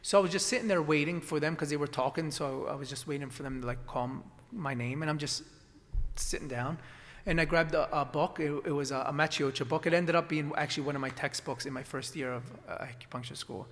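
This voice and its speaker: Guy telling his story all loose and rambly, lots of ums and restarts, kinda high voice, long echo trailing off. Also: fast talker, fairly bright tone. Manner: rambling, many restarts and fillers. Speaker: acupuncturist guest. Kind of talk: casual storytelling conversation.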